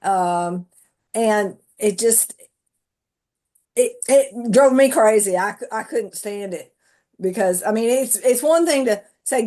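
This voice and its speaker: A woman's voice: mid-range voice, expressive, measured pace, darkish tone. A woman casually telling a story in an online class, acting out what was said to her. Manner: storytelling, acts out quotes. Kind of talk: casual chat.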